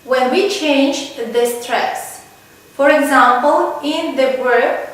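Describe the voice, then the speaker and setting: Brief: unhurried woman lecturer, high voice, in an echoey room far from the mic. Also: fairly bright tone. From Kazakhstan. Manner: slow, deliberate, lists examples one by one. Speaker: university lecturer. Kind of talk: slow recorded lecture.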